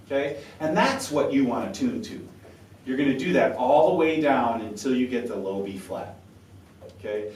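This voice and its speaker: A man's voice: mid-range voice, a little hiss or hum. A man coaching a saxophone quartet, talkative and encouraging, sounding out syllables to demonstrate. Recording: roomy sound from a distance with faint ambience.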